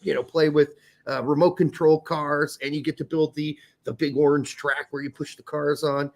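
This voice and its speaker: A man's voice: a little high, level tone, normal speed, gravelly. A male podcast host in casual chat, joking and rambling with plenty of swearing.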